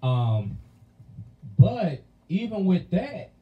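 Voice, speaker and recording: A man co-hosting a podcast, talking in a relaxed, reflective way with slang and frequent laughs. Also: high voice, extremely slow, lo-fi sound. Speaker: podcast co-host. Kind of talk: casual chat.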